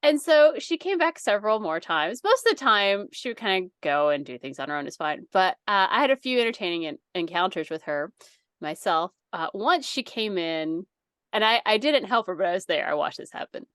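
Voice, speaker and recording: A woman's voice: medium pitch, sing-song, fairly quick, a bit bright, no room sound, studio quality. A woman co-hosting a podcast, telling a long story in a casual, rambling way, laughing often and using many fillers. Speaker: podcast co-host.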